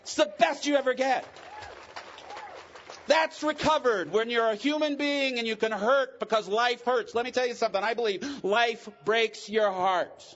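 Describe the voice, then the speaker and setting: A man's voice: very high-pitched, normal speed, a bit bright, highs cut off. A middle-aged man speaking at a recovery convention, telling candid, joking and emotional stories from his own life. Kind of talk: personal testimony talk.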